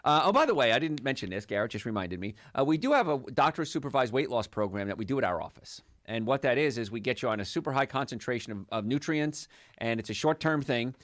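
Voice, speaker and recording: Give me an upbeat, jokey male radio host who talks fast with a lively, bouncing pitch. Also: no room sound. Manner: chatty, upbeat, rambling and jokey. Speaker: radio health show host and chiropractor. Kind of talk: call-in radio talk. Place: radio studio.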